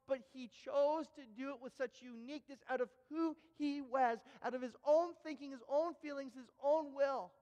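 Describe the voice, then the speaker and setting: Pastor, male, very high voice, animated storyteller, long church reverb. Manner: animated storytelling with stammered restarts. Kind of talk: sermon. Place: church sanctuary.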